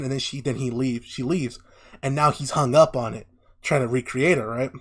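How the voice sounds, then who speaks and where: Animated storytelling podcast guy. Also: medium pitch, brisk. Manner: animated storyteller acting out characters' lines, heavy swearing. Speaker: podcast co-host. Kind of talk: casual chat, retelling a story.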